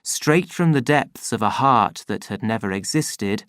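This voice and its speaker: A man reading an audiobook as narrator, slow and expressive. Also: on the low side, smooth, no room sound.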